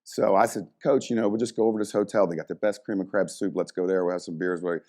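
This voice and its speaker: A middle-aged former strength coach tells stories in a casual interview, animatedly acting out the voices of the people in them. He speaks in a low voice and talks fast.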